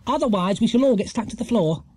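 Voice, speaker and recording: A man voicing a stern, brisk older housekeeper who talks bossily. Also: high voice, animated, darkish tone, breathy edge, no room sound, voice pushed up. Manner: bossy, brisk.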